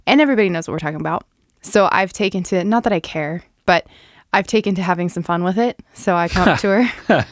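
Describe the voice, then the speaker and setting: Podcast co-host, woman, lively storyteller with a lower voice, dry close mic. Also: quick pace, dry recording. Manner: animated storyteller, laughs often. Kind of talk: casual chat.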